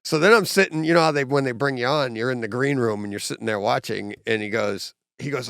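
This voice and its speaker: A man's voice: mid-range voice, brisk, gravelly, hardly any pauses, fairly bright tone, clear, resonant tone, no room sound, clean studio sound. A man hosting a podcast in casual chat, enthusiastic, laughing often and acting out quotes. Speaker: podcast host.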